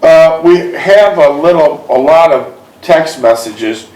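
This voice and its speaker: A man hosting the show, reading a memoir aloud in a steady voice and asking an older guest friendly, prompting questions. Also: fairly high pitch, slow pace. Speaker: interviewer and host. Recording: roomy, distant mic.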